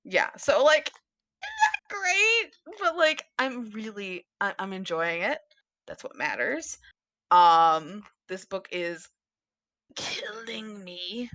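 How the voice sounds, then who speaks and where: A woman's voice: mid-range voice, huge pitch swings, slow, sharp tone, dry recording. A woman co-hosting a podcast, chatting casually about books in a rambling, giggly way with lots of fillers. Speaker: podcast co-host.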